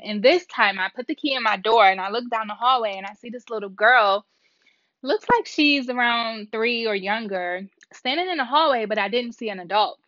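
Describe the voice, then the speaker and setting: A woman vlogger with a mid-range voice casually tells her viewers a story, animated and rambling, acting out the dialogue. The recording has no echo and a dull lo-fi sound.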